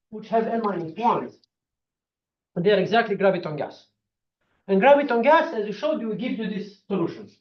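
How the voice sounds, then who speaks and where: Animated man giving a seminar talk in an echoey room. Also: high-pitched. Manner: animated, many fillers. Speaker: physics speaker. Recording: echoey room, dull lo-fi sound.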